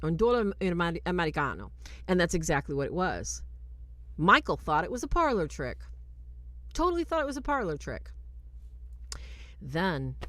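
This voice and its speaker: A woman hosting a livestreamed film review, retelling scenes in an animated way and warmly thanking her viewers. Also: lowish voice, no room sound. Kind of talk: livestream commentary.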